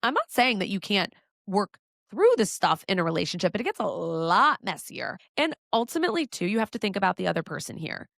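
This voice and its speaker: A woman's voice: mid-range voice, very animated, fairly quick, creaky, a bit bright, no room sound. Blunt, candid woman podcast host, dry sound. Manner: blunt, swears casually, acts out inner voices of listeners. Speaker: podcast host giving dating advice. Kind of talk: candid advice monologue.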